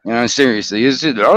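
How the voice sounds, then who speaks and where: An American man chats loosely on a video call, stumbling through fillers and casual slang. His talk is halting but friendly in tone. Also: medium pitch.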